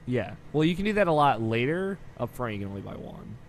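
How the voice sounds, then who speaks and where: A man's voice: mid-range voice, big pitch swings, fast. A man co-hosting a casual gaming podcast, upbeat and teasing, swearing casually. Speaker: podcast co-host.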